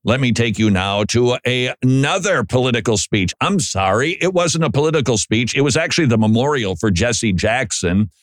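A man's voice: medium pitch, lively intonation, moderate pace, hardly any pauses, dry recording, studio quality. A man hosting a commentary show, talking straight at listeners in an emphatic, sarcastic way and stumbling over his words when he reacts. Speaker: commentary host. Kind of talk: political commentary monologue.

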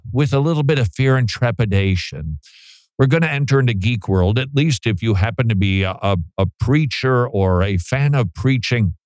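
A man's voice: medium pitch, lively intonation, moderate pace, no room sound, clean studio sound. A man hosting a talk radio show, chatting casually with joking, self-deprecating asides.

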